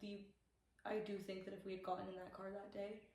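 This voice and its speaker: A woman's voice: mid-range voice, little pitch movement, brisk, darkish tone, far from the mic. A woman co-hosting a podcast, chatting casually and chiming in with short remarks. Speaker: podcast co-host. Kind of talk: casual chat. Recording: echoey room, away from the mic.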